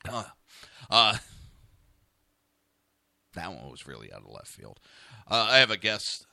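Blunt, profane Jersey talk radio host. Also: male voice, fairly low pitch, very animated, a little slow, creaky, sharp tone, dry recording, clean studio sound. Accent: New Jersey. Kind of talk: opinionated talk radio rant.

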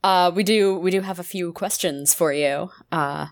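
A woman's voice: lowish voice, normal speed. A woman player in a tabletop role-playing game, giggly and hesitant. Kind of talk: tabletop role-play chat.

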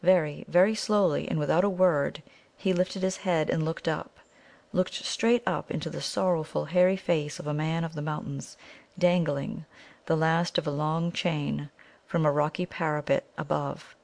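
A woman narrating a children's adventure novel in a measured way. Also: low-pitched, steady tone, vocal fry, darkish tone. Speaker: audiobook reader. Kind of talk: storybook narration.

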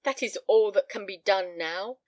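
A woman's voice: mid-range voice, expressive, normal speed, no echo, lightly acted. A woman voicing a grave, anxious elderly father, speaking solemnly and earnestly.

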